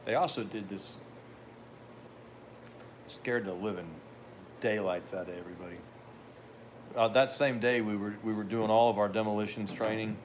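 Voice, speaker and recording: An older man with a fairly low voice tells a long, rambling story in an easy conversational way. He drops in dry asides as he goes, and there is a faint hiss of noise behind him. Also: fairly even intonation, normal speed, long pauses. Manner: rambling anecdotal delivery with wry asides. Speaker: podcast host. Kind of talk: casual storytelling.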